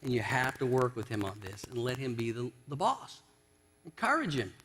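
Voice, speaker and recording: A man's voice: medium pitch, very animated, moderate pace, fairly bright tone, a little hiss or hum. A male pastor giving a conversational sermon in a church, telling a story and acting out its quotes. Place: church sanctuary.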